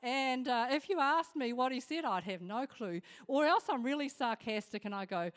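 A woman gives an informal devotional talk in a chatty, humorous way. Her voice sits a little high and moves up and down a great deal. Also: moderate pace. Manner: chatty and animated, with humorous asides. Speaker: devotional speaker.

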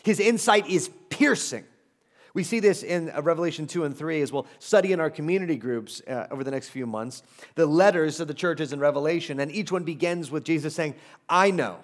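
Male pastor with a slightly high voice, preaching in a conversational, emphatic way with humorous asides. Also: brisk. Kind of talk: sermon.

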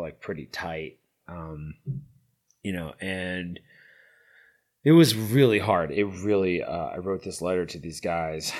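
A middle-aged man, a guest on an interview show, telling a long story in casual, rambling talk full of fillers, swinging from lively and loud to hushed and quiet. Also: deep voice. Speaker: interview guest, founder of a veterans' horse program.

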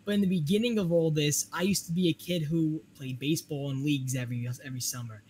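A man's voice: fairly high pitch, fast, slight background noise. Rambling New York man, casual chat. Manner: rambling, animated storytelling with frequent laughs. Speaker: podcast guest.

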